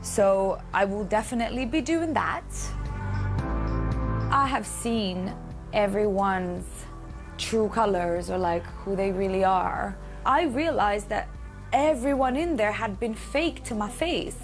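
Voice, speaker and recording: A woman's voice: medium pitch, slow pace, soft background music. A woman talking casually as an evicted contestant, earnest and rambling. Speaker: evicted reality show contestant. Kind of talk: casual interview talk.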